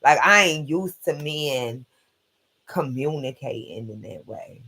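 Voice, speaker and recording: A man's voice: medium pitch, animated, slow pace, bright, forceful tone, husky. A man hosting a casual late-night live stream, rambling bluntly and profanely through his opinions.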